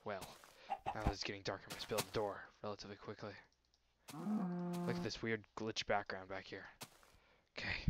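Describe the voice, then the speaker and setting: Young man, let's play commentary, silly mock-grand voice, deepish pitch, noisy home recording. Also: flat delivery, normal speed. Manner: goofy mock-grand voice, talking to animals. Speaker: gameplay commentator.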